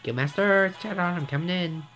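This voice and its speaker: A man voicing a fussy, bossy male parrot who assists a guildmaster, in a squeaky, high, prim voice. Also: animated, a little fast, fairly bright tone, faint music behind, natural voice, rough recording.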